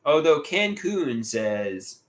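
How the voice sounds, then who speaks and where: Male streamer, casual, slightly high voice with a bouncy up-and-down delivery; lots of word repeats and restarts. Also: extremely slow. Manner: animated, repeats words and restarts often. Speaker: livestream host. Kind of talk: casual livestream chat, reading viewer comments aloud.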